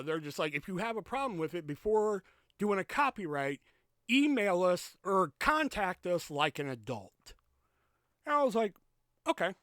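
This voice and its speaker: A young man hosting a podcast, telling a story as a profane, ranting monologue and jumping up in pitch when he quotes himself. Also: smooth, no room sound, clean studio sound. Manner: animated, jumps high when quoting himself. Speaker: podcast host. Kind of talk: casual monologue.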